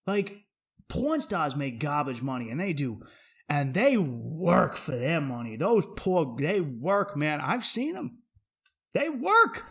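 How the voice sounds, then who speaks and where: A podcast host rants in a brash, profane, animated style. He swears freely as he goes, and his voice sits a bit higher than most men's. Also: slow pace, husky. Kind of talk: comedic podcast rant.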